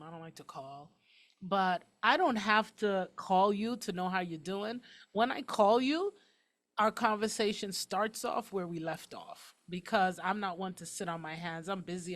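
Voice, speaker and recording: A woman hosting a talk show, talking quickly and emphatically in a casual, outspoken way. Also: on the low side.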